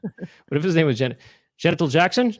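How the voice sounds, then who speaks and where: A man's voice: a little high, animated, fairly quick, dry recording, studio quality. A man co-hosting a show, riffing playfully in casual comedic banter. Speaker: co-host.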